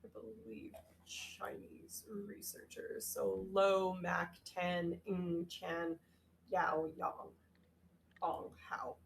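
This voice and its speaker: A woman's voice: on the low side, steady tone, very slow, vocal fry, a little hiss or hum. A woman co-hosting a casual live-streamed science chat, who swears, jokes and tosses in a put-on 'mate'. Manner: swearing, jokey, slips into a put-on Aussie 'mate'. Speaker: co-host.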